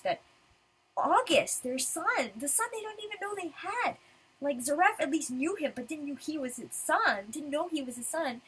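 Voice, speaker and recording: A woman's voice: high voice, fairly bright tone, rough recording. A woman giving casual commentary as a manga reviewer, ranting in frustration.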